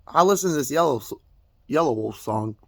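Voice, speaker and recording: Tearful, stammering man with a gravelly voice. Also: medium pitch, animated, moderate pace, a little mellow, dry recording. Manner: rambling, stammering, profane, tearful. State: crying. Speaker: vlogger. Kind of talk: emotional personal confession.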